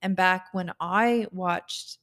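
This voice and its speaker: Chatty woman podcast co-host, lowish voice. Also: slow pace, fairly bright tone. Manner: chatty, rambling storyteller. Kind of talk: casual chat.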